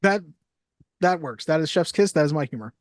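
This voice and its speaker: A man's voice: fairly high pitch, expressive, brisk, dry recording, clean studio sound. A man co-hosting a film podcast, chatting casually with a wry, joking manner. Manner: wry, jokey, quotes lines in little voices. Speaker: podcast co-host. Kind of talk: casual chat.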